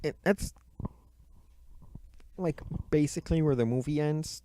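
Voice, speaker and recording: A man delivers a rambling, profanity-laden retelling of a movie's plot as a review, mocking himself along the way and speaking close into the mic. His voice is fairly high and warm, a little slow, with a little hiss or hum.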